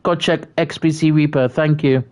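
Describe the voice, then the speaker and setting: Speaking at normal speed with a steady tone, this British streamer has a mid-range voice. Casual chat fills the stream as he reads out messages from viewers, tripping over and repeating words while offering friendly shout-outs.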